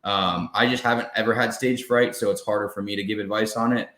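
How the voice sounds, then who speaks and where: A man's voice: lowish voice, steady tone, quick pace, a bit bright, echoey room. A man talking as a guest in a casual interview, giving earnest, emphatic advice. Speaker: car sales guest.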